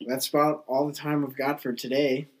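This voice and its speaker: A man's voice: medium pitch, flat delivery, moderate pace, breathy edge, poor audio. A man hosting a podcast, chatting in an easygoing, agreeable way. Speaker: podcast host. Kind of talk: casual chat.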